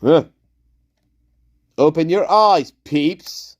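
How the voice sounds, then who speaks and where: A man's voice: fairly high pitch, very slow, no room sound, clean studio sound. A man hosting a casual livestream, talking in a rambling, profane, repetitive way and laughing often. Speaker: livestream host.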